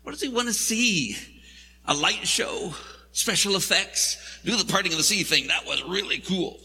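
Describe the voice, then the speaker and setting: A man's voice: high voice, expressive, normal speed, gravelly, bright, forceful tone, slight background noise. A man preaching a sermon in a church, telling the story in a conversational, wry way. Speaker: pastor. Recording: long hall reverb.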